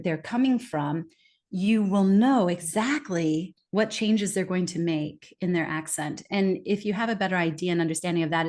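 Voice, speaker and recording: A middle-aged woman speaking as a guest in a podcast interview, explaining at length and lively, acting out quoted remarks. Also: medium pitch.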